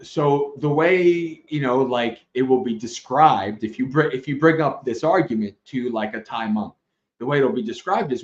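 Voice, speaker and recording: Male Dhamma teacher, animated storytelling, laughs often, roomy echo, slightly muffled. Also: mid-range voice, normal speed. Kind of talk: livestream Dhamma talk with storytelling. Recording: roomy, slightly dull livestream audio.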